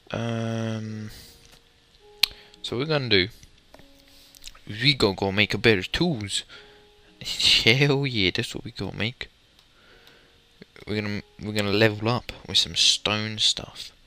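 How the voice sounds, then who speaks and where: A man's voice: fairly low pitch, takes it slowly, pauses often, pushed and bright. A young man giving casual, rambling commentary while playing a building game, muttering to himself and swearing mildly. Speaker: gamer commentator.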